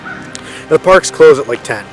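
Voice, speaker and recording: A man's voice: on the high side, expressive, a little slow, soft background music. Rambling man telling a ghost story. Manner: rambling, self-correcting, filler-heavy. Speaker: paranormal storyteller vlogger. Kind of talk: casual spoken ghost story. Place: outdoors in a forest.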